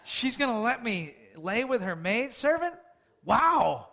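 A man's voice: extremely high pitch, big pitch swings, slow, vocal fry, bright, forceful tone, voice pushed up, heavily acted. A sly, eager husband who sounds gleeful and pleased with himself, as a preacher puts him on. The voice is a little removed from his usual delivery. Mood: smug. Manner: gleeful, smug.

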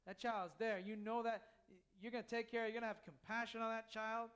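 A man's voice: high voice, level tone, a little fast, fairly bright tone, clean tone. A man preaching a sermon in church, earnest and full of repetition. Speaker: pastor.

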